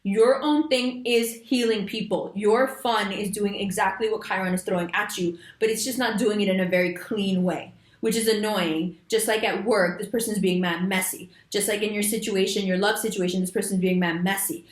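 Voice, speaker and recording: A woman giving a monthly astrology reading, talking straight to her viewers in an animated, emphatic way with casual slang. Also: medium pitch, moderate pace, hardly any pauses, roomy sound. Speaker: astrology reader. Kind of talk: monthly horoscope reading to camera.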